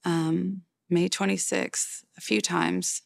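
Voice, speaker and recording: A woman in her forties, a mother giving a halting, plain-spoken personal account in a documentary interview, with many fillers and restarts. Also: fairly low pitch, little pitch movement, creaky, dry recording.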